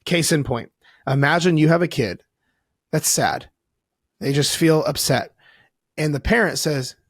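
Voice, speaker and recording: A man's voice: a little high, expressive, a little slow, pauses often, no room sound, clean studio sound. A man talking as a podcast guest, telling stories animatedly, acting out quoted voices and swearing casually.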